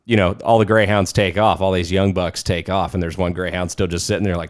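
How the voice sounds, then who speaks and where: Low-pitched male host, casual, profane, loose storyteller. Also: level tone, fairly quick, no echo, studio quality. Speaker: podcast host. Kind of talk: casual podcast chat.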